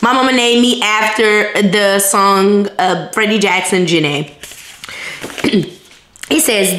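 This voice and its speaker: A woman in her thirties chatting casually to her vlog viewers, emotional and quick to get teary. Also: medium pitch, fairly bright tone, a little hiss or hum. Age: 30s. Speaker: vlogger.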